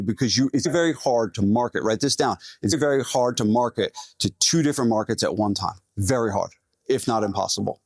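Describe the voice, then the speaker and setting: A man giving an energetic conference talk as a gym owner and speaker, talking straight to the audience. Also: fairly low pitch, a little fast, husky, no echo. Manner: energetic, addresses the audience directly. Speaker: gym owner presenting at a fitness event. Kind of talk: live conference presentation. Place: event hall stage.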